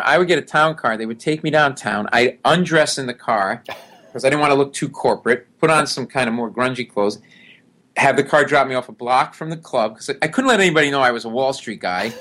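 A middle-aged man telling a long story in a casual interview. He acts out the people he describes. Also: medium pitch. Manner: animated storyteller who acts out the people in his stories. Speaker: guest.

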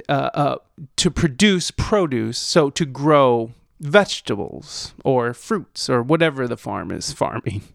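Slow, gravelly-voiced man teaching English. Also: medium pitch, no echo, clean studio sound. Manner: slow, deliberate, reads example sentences aloud. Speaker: host. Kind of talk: podcast-style English lesson.

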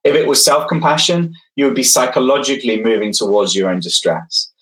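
A man giving an online psychology lecture in a mid-pitched voice. He speaks engagingly, asks the audience questions and reads their answers from the chat. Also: a little fast, a bit bright, poor audio.

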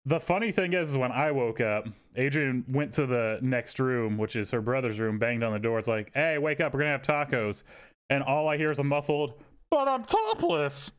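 Podcast co-host, man, mid pitch, casual storyteller who swears and jumps into loud voices for quotes. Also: a little fast, clear, resonant tone. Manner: animated, swearing, acts out quotes in raised voices.

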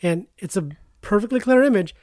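A woman's voice: mid-range voice, expressive, a little fast, a little mellow, dry recording, clean studio sound. A woman in casual conversation, walking through a film's plot step by step with small hedges. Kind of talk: casual movie recap chat.

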